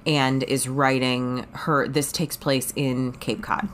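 A woman's voice: extremely low pitch, flat delivery, takes it slowly, fairly bright tone, a little hiss or hum. A woman in her thirties with a cold, co-hosting a casual book club podcast and reading with many hesitations. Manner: hesitant, lots of ums while reading. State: has a cold. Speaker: podcast co-host. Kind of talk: casual chat.

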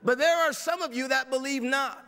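A male pastor delivers an animated sermon in a church hall, his voice high and gravelly. The sound is bright and pressing, and it rings with a long church reverb. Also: moderate pace. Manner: animated preaching, swinging from quiet asides to shouted mimicry. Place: church sanctuary.

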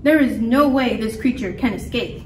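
Woman doing a squeaky scheming mouse doctor, greedy showman, storybook voice, in an echoey room. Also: normal speed, a little hiss or hum, lightly acted. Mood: reassuring. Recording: echoey room, mic far off.

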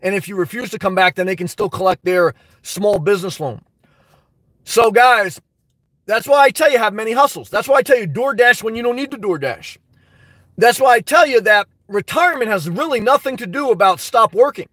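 A man's voice: high voice, lively intonation, brisk, fairly bright tone, dry recording. A man hosting a live stream, reading viewer comments and giving emphatic, fired-up advice. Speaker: YouTube live stream host.

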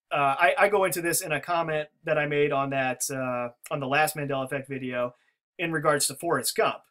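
A man's voice: fairly high pitch, fairly bright tone. A man talking through a theory in casual spoken commentary, rambling with many restarts and fillers. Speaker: video commentator.

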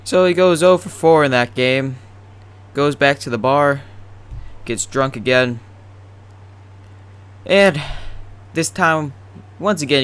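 A man's voice: medium pitch, clean tone. A young man doing profane, rambling, joking commentary over a baseball video game. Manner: profane, rambling, deadpan jokes. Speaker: gaming commentator.

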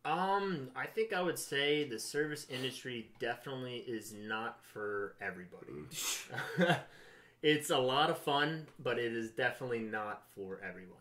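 A man's voice: mid-range voice, lively intonation, moderate pace, fairly bright tone. A man who is a bartender, a podcast guest, talking in a laid-back, hesitant way with frequent fillers. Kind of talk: casual podcast interview.

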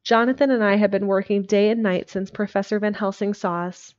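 A woman's voice: medium pitch, fairly even intonation, fairly quick, darkish tone, dull audio, lightly acted. A woman reading as an earnest young Victorian wife.

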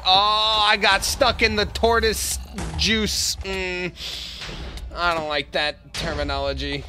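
A young man narrating and reacting to a survival game, excitable and profane, often yelling at the enemies he fights. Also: sits high, takes it slowly, music in the background. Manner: excitable, swears, yells at the game. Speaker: gaming YouTuber. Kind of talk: narrated gameplay commentary.

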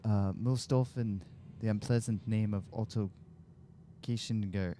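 A man's voice: fairly low pitch, fairly even intonation, unhurried, warm tone, slight background noise, close to an everyday voice. A man reading a game journal aloud in a put-on Irish or Scottish accent, voicing an exiled war veteran. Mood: solemn. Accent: mock Irish or Scottish.

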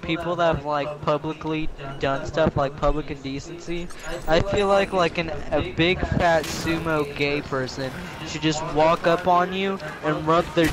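A man's voice: a little high, low-quality recording. A man chatting casually while gaming, rambling through crude jokes and stories. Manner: rambling, joking, crude humor. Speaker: gamer chatting with friends.

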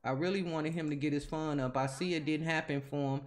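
A woman commentates her gameplay in a relaxed, conversational way. She talks straight at the characters, nagging and teasing them as she goes. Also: sits low, a little fast. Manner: chatty, scolding the game characters. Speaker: gaming video host. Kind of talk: casual game commentary.

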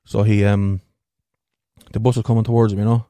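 A man with a slight stutter tells crude jokes in a rambling, swear-filled way. His voice is low and very dark. The sound is close and dry. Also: little pitch movement, a little fast, dry recording. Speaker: podcast host. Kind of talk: telling jokes.

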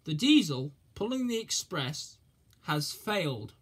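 Kindly male engine driver, steady and reassuring, slow and unhurried, as a narrator puts him on. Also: fairly high pitch, husky, heavily acted. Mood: matter-of-fact. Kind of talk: storybook reading.

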